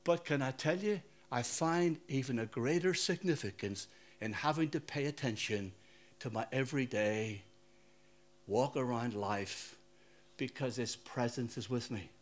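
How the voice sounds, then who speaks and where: A man's voice: mid-range voice, measured pace. An older man from Northern Ireland with a Northern Irish accent, preaching a sermon in a chatty, storytelling way and often asking the audience questions. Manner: conversational, anecdotal, asks the audience questions. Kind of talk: sermon with personal stories.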